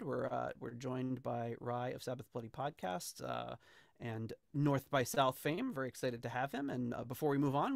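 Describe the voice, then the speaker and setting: A man's voice: a little high, creaky, no room sound, clean studio sound. A man hosting a podcast, talking casually and animatedly with plenty of fillers. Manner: chatty, animated, with frequent fillers. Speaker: podcast host.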